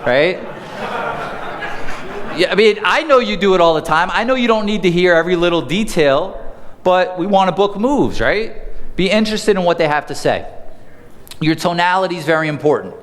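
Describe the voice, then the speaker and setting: Male sales trainer, fairly high voice, punchy live-seminar delivery, long hall echo. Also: moderate pace, pauses often, slight background noise. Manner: energetic, conversational, asks the audience questions. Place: seminar room.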